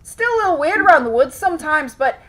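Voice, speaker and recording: A woman voicing a worried half-orc village mother who talks in a hesitant, halting way. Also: high-pitched, animated, a bit bright. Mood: anxious, deflecting.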